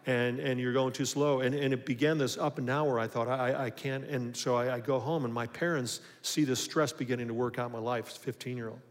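Male pastor, sermon, mid-pitched voice, animated storytelling, big echoing church hall. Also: brisk, hardly any pauses. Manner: storytelling, lively, building to emphatic points. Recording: long hall reverb.

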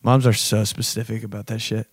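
A man's voice: fairly low pitch, little pitch movement, brisk, breathy edge, no room sound, clean studio sound. A man hosting a video, ranting casually and comedically in a rambling, profane way. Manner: rambling, profane, joking, fond of bro and dude. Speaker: vlog host.

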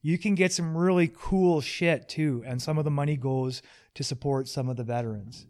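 A man hosting a casual podcast, joking and rambling, quick to poke fun at himself. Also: fairly high pitch, a little mellow. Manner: joking, rambling, self-deprecating. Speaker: podcast host.

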